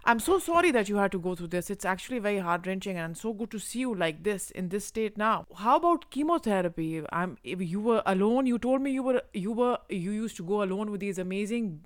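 A woman interviewing a guest, asking gentle, sympathetic questions. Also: mid-range voice, lively intonation, a little fast, few pauses. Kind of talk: empathetic interview.

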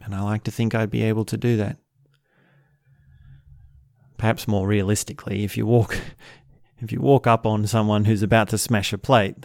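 A man giving a calm, thoughtful talk, musing aloud and asking rhetorical questions. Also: on the low side, moderate pace, vocal fry, long pauses, dry recording, clean studio sound. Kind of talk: reflective spoken talk.

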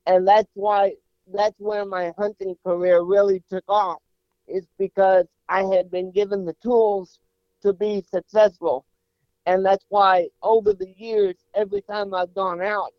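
A man in his forties, a guest telling a humorous personal story in an animated way, often repeating words as he starts a sentence. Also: high-pitched, dry recording. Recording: slightly dull, muffled sound.

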